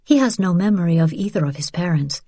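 A woman's voice: lowish voice, expressive, fast talker, warm tone, breathy edge, no room sound, clean studio sound. A woman reading the part of a young mother who speaks earnestly and pleads with feeling. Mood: earnest pleading.

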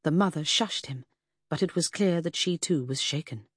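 A woman reading a first-person novel aloud in a measured, even storytelling way. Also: low-pitched, slightly rough, no room sound, clean studio sound. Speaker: audiobook narrator. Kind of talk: scripted first-person narration.

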